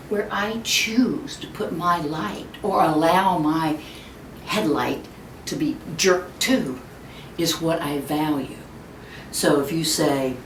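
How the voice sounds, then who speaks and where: A woman in her fifties giving a webinar talk, telling stories in an animated way and acting out the voices she quotes. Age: 50s. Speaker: speaker on child discipline. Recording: echoey room, distant mic, faint rumble.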